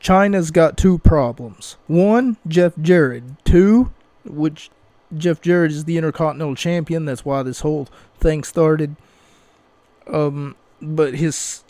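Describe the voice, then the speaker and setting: A man's voice: fairly high pitch, warm tone, no echo. A man hosting a podcast, recapping wrestling in a rambling, casual way with restarts and asides. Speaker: podcast host.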